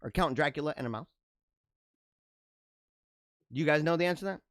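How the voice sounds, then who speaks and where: A man's voice: on the high side, a little fast, fairly bright tone, no echo, clean studio sound. A man hosting his own talk show, reading jokes aloud and reacting with sarcastic, joking commentary and frequent laughter. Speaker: podcast host.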